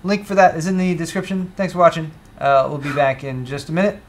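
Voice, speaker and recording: A man's voice: a little high, fairly quick, a little hiss or hum. A man co-hosting a live tech show, chatting casually, thanking viewers and stumbling over names. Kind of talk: casual live-stream chat.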